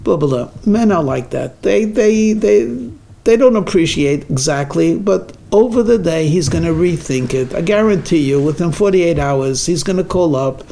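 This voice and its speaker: A doting, unflappable elderly mother, as a male rabbi puts her on, cooing reassurance with a lively voice that jumps up and down. She sounds calm and endlessly soothing. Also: on the high side, moderate pace, vocal fry, a little hiss or hum.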